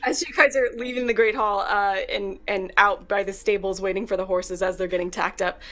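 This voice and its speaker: A woman's voice: mid-range voice, steady tone, a little fast, fairly bright tone. A woman narrating as game master in a chatty, laughing manner. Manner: chatty, laughing, with filler words.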